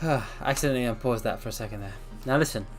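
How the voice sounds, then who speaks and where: A man's voice: medium pitch, very fast, music in the background. Breathless man chatting on a livestream. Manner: rambling, apologetic, repeats phrases. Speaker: VTuber streamer. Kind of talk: casual livestream chat.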